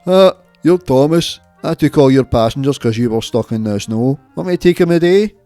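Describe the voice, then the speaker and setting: A man doing a cocky loud Scottish bus. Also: medium pitch, lively intonation, moderate pace, dry recording, soft background music, lightly acted.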